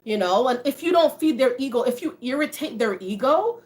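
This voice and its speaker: A woman talking casually to her viewers on a livestream, chatty and animated, often laughing and dropping in "you know.". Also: high-pitched, brisk. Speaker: motivational vlogger.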